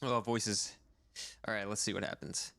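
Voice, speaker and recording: A man's voice: on the low side, fairly even intonation, moderate pace, vocal fry, fairly bright tone. Casual joking male game streamer. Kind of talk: game let's play commentary.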